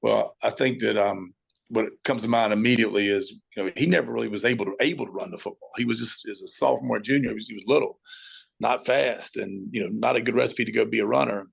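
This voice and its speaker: Gravelly middle-aged football coach. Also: male voice, on the low side, fast. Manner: animated storyteller, acts out shouting at the TV. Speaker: high school football coach. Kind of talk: podcast interview guest.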